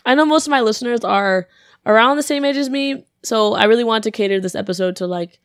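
A young adult woman hosting her podcast, telling a story casually and lively, acting out the people she quotes and laughing often. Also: a little high, quick pace, no echo, clean studio sound. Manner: animated, acts out quoted voices, laughs often. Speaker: podcast host.

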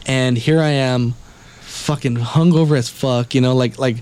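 A man tells a rambling travel story in a relaxed podcast chat. He curses in nearly every sentence and acts out the lines people said. His voice sits at an ordinary middle pitch for a man. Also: normal speed, clear, resonant tone. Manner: rambling, heavy swearing, acts out quotes.

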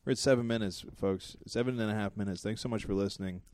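A man's voice: fairly low pitch, fairly even intonation, darkish tone, slight background noise. A man co-hosting a podcast, chatting crudely and joking around. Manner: crude, joking, quick to laugh. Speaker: podcast co-host. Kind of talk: casual comedic chat.

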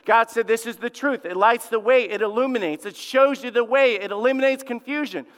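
A middle-aged man preaching a sermon as lead pastor, swinging between animated exclamations and hushed warnings. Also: extremely high pitch, fairly quick, smooth, big-room sound.

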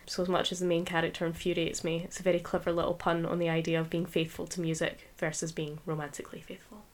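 A woman's voice: on the low side, flat delivery, fast talker. A Scottish woman co-hosting a podcast, chatting casually with lots of fillers. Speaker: podcast co-host.

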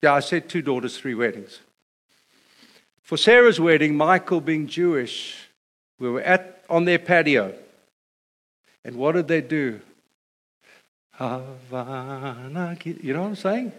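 Animated man preaching a sermon. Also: fairly high pitch, unhurried, long pauses. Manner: storytelling, animated, builds to a repeated refrain. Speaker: pastor.

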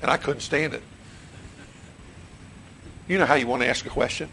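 Gravelly-voiced pastor preaching a sermon, a man. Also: medium pitch, moderate pace, bright, forceful tone, a little hiss or hum, low-quality recording. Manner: repeats questions to the congregation, restarts phrases. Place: church sanctuary.

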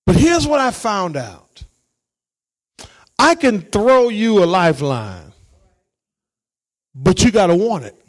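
A man preaching as a pastor, calling out to his congregation and swinging between shouted lines and quiet asides. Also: sits high, big pitch swings, takes it slowly, long pauses. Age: adult, married parent. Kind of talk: sermon.

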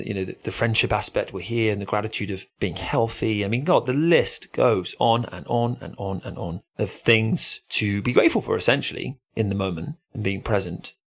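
A man co-hosting a surf podcast, talking things over in a reflective, thoughtful way. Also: lowish voice. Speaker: podcast co-host. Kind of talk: casual chat.

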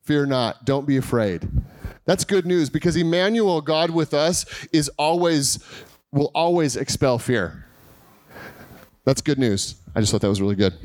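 A man preaching a Christmas Eve sermon, telling a lively personal story and acting out what people said. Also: on the high side, a little slow, no echo. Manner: lively storytelling with acted-out quotes. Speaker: pastor. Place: church service.

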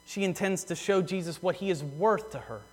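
A man preaching a sermon in earnest, repeating phrases for emphasis and slowing down on key words. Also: high-pitched. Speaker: pastor. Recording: long hall reverb.

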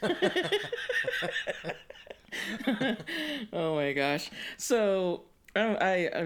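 This woman in her forties co-hosts a podcast, chatting casually and rambling, often laughing mid-sentence. Her medium-pitched voice swoops wildly and she talks very slowly.

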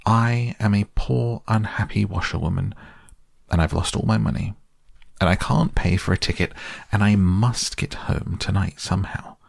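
Vain toad posing as a washerwoman, tearful and fussy, raised voice, as a man reads it, audiobook, gravelly edge. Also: unhurried, a little mellow, no room sound, studio quality, exaggerated voice. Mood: tearful pleading. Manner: wailing, self-pitying, higher put-on voice. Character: boastful male toad disguised as washerwoman.

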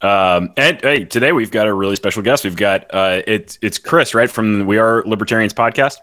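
A man's voice: on the low side, normal speed, sharp tone, dry recording. Dry-voiced man hosting with wry teasing. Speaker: podcast host. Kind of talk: casual podcast chat. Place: Texas.

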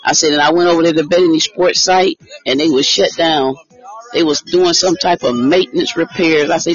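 A man's voice: a little high, fairly even intonation, fairly quick. Man, casual live-stream host, chatty, reads out numbers, dull lo-fi sound, faint music behind. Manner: chatty, greets viewers by name, reads out numbers. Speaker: livestream host giving lottery picks.

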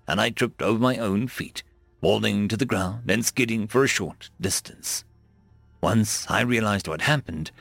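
A man's voice: mid-range voice, vocal fry, a bit bright, dry recording. A man narrating a fantasy story in the first person as an audiobook reader.

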